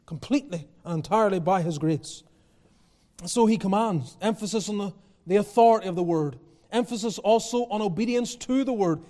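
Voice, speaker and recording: A man's voice: sits high, brisk, mellow, long reverb tail. A male pastor preaching a sermon, building with emphatic repetition and rising intensity.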